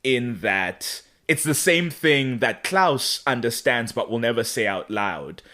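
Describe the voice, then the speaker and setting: A man co-hosting a podcast, recapping an episode in a chatty, animated way. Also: mid-range voice, takes it slowly. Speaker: podcast co-host. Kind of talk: casual chat.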